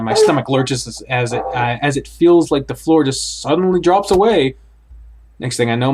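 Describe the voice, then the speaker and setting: A man's voice: medium pitch, darkish tone. A man reading a horror visual novel aloud in the first person, acting it out and blurting out startled reactions. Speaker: let's play host.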